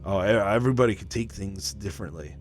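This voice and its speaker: A man chatting casually with his live stream audience. He rambles excitably, swears constantly and breaks into laughter between stories. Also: lowish voice, fast, faint music behind. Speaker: livestreamer.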